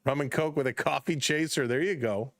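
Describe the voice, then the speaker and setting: Excited man calling a live game. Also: a little fast, no room sound, clean studio sound. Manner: chatty, greets chat viewers by name between pitches; gets loud and excited on big plays. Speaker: live stream play-by-play host. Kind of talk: casual live play-by-play commentary.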